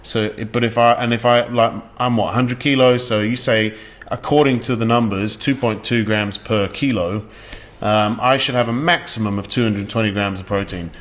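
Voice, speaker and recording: A man's voice: fairly low pitch, fairly even intonation, moderate pace, fairly bright tone. A man co-hosting a podcast as a coach, talking bluntly and casually and swearing freely. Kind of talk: casual chat.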